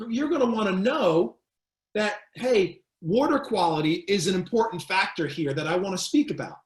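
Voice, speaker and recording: A man giving a webinar lecture on public speaking, measured and emphatic, addressing one listener by name. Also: very high-pitched. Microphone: webinar mic. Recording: echoey room.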